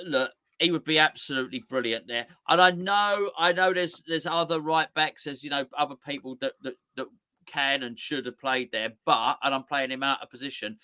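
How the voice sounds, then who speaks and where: A man's voice: mid-range voice, normal speed, bright, forceful tone, clean tone. A man co-hosting a casual football chat, rambling and playful with lots of restarts. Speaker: co-host.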